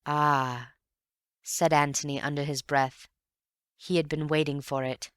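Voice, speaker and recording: An audiobook reader, a woman with a deep voice, narrates in a measured, expressive storytelling style. The recording has studio quality with no echo.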